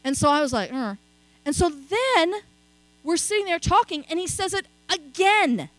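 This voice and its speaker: A middle-aged woman preaching in a high, lively voice that swoops up and down as she tells a story. Her delivery is conversational and she checks in with her listeners as she goes. The sound is dry and close, with a faint mains hum underneath. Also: normal speed, dry recording, low-quality recording. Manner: conversational storytelling, frequent "okay?" asides. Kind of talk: sermon.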